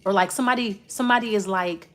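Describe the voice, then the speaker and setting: A woman's voice: medium pitch, fast talker, a bit bright. Blunt, profane woman reading tarot. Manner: blunt and profane, talking straight to the listener; rambling, with many restarts while reading cards. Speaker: tarot reader. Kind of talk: casual spoken tarot reading.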